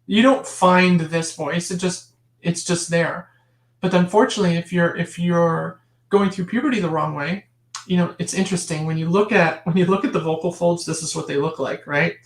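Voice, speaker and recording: A woman's voice: lowish voice, fairly even intonation, normal speed. A woman guest talking in a casual interview, emphatic and impassioned, often restarting her sentences and adding asides. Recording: roomy echo.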